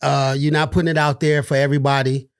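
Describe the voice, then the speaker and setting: A middle-aged man from Detroit talks sports on a podcast in a relaxed, casual way. His voice sits a little high, and the sound is close and dry. He keeps tossing in "man" as he talks. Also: fast, smooth, no room sound. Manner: laid-back, says "man" a lot. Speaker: podcast co-host.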